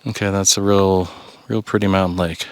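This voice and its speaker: Man vlogging outdoors, low-voiced. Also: level tone, moderate pace, clean tone. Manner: joking, talks to himself while exploring. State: out of breath at altitude. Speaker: travel vlogger. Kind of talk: casual outdoor vlog narration. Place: outdoors by a mountain lake and in a vehicle.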